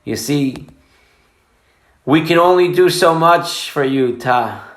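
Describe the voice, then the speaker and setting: A man's voice: fairly high pitch, slow. A man preaching as a rabbi, emphatic, telling a story and mixing in Hebrew and Yiddish terms. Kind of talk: sermon with storytelling. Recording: roomy echo.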